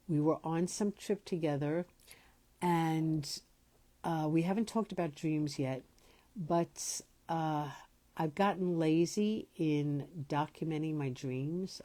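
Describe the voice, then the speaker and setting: Slow, low-voiced woman podcaster. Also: dark tone, no echo. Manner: slow, pausing, self-correcting speech. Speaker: podcast host. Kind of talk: reflective spiritual talk. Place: home, moved from New York to Los Angeles.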